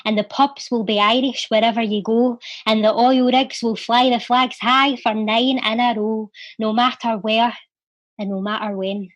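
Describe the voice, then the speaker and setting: Speaking at a normal speed, this young Glaswegian woman from Scotland mixes casual conversation with poetry readings delivered in a rhythmic lilt. She's a poet who also volunteers for charity, and her fairly high, fairly even voice is captured without any room sound.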